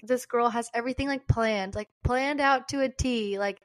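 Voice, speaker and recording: A young woman co-hosts a casual podcast in a slightly high voice. She chats loosely, leans on "like" constantly and slips into quick impressions of herself and her friends. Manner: chatty, lots of "like", acts out quotes. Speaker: podcast co-host. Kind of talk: casual chat.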